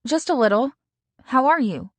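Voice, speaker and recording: A woman's voice: high voice, expressive, moderate pace, dry recording, pitched above the performer's own voice. A woman voicing a caring best friend in an audiobook, with a raised voice that sounds concerned and sympathetic.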